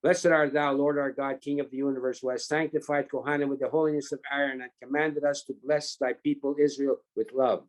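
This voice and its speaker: Man reciting a blessing in a steady voice. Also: medium pitch, a little fast, few pauses. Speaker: regular participant reciting the blessing. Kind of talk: casual chat and liturgical recitation.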